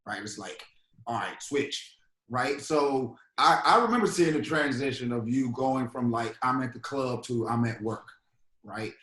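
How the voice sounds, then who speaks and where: A relaxed man co-hosts a casual interview, affirming his guest and filling his pauses with plenty of ums. His voice is at a middle pitch, and the room around him echoes noticeably. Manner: relaxed, affirming, many fillers. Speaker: co-host.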